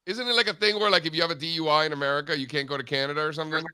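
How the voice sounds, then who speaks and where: A man's voice: fairly high pitch, fairly even intonation, racing, a crowd in the background. A man hosting a casual market talk show, chatting and joking with lots of fillers. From Cuban background. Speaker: show host.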